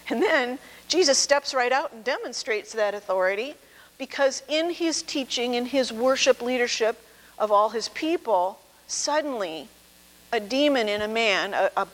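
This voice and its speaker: Woman pastor, fairly high voice, conversational sermon in a church with long reverb and mains hum. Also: expressive, normal speed. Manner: warm conversational preaching with quoted voices. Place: church sanctuary.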